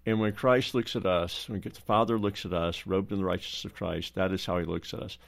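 A man's voice: sits low, steady tone, brisk, vocal fry. A man who is a pastor, explaining steadily in a pastoral way and telling anecdotes on a roundtable. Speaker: pastor and co-host. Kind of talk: roundtable talk, teaching.

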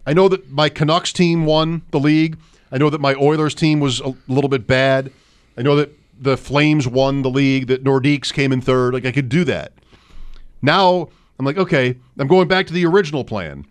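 A man's voice: mid-range voice, steady tone, moderate pace, clear, resonant tone. A man co-hosting a casual fantasy football chat, thinking aloud and rattling off player names. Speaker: co-host.

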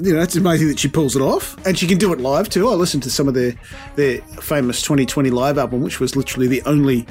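A man with a British accent softened by New Zealand vowels, co-hosting a casual music podcast with sweary banter. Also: medium pitch. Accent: British with slight New Zealand vowels. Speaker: podcast co-host. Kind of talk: casual chat.

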